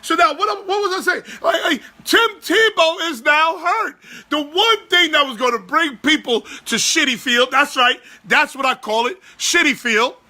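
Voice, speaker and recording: A man in his forties hosting a sports podcast, ranting loudly and profanely in exasperation. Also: very high-pitched, measured pace. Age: 40s.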